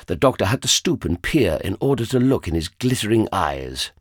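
Brief: low husky male storyteller, expressive, dry close mic. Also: moderate pace, no echo. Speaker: audiobook narrator. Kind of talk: first-person scripted narration.

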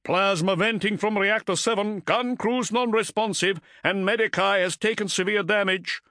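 A man's voice: high-pitched, moderate pace, sharp tone, no echo, clean studio sound, voice pushed up. A man voicing a strained male ship's officer who reports damage urgently.

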